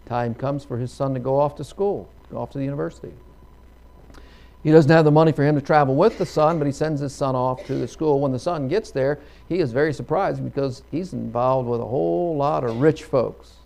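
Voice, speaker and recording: Middle-aged male preacher, gravelly, folksy sermon storyteller who acts out characters and erupts into hallelujahs. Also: mid-range voice, normal speed, dark tone.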